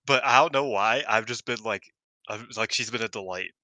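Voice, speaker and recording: Man, podcast co-host, casual chat, animated, laughs a lot, very bright voice, dry sound. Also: fairly low pitch, brisk, no room sound. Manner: animated, laughs often, swears, acts out quotes.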